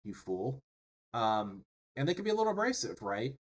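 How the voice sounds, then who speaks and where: A man's voice: medium pitch, sing-song, quick pace, poor audio. Chatty male lecturer, lots of fillers. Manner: conversational, many fillers and tag questions. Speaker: instructor. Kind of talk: classroom lecture.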